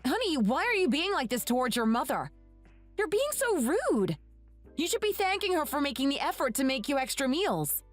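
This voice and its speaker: A woman's voice: high voice, very animated, normal speed, soft background music. A woman voicing a young wife who scolds her husband reproachfully.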